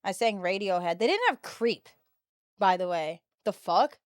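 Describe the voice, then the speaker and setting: Speaking at medium pitch and an unhurried pace, a 22-year-old livestreamer from the US tells her viewers stories in lively, chatty, slang-filled talk. The recording is dry, with clean studio sound.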